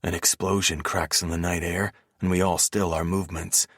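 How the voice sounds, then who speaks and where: A man narrating a first-person romance audiobook in a steady, measured reading voice on a close mic. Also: low voice, no echo.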